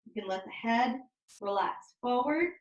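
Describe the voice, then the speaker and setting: A woman leading a pilates class over a video call, giving calm step-by-step cues and counting reps. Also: on the high side, a little slow, echoey room, highs cut off. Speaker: pilates instructor. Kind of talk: guided exercise class cues.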